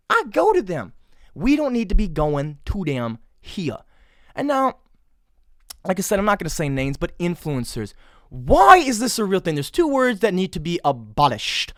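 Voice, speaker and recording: A man's voice: high voice, sing-song, moderate pace, no echo, studio quality. A man hosting a solo podcast, ranting sarcastically with crude jokes and mock exasperation. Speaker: podcast host.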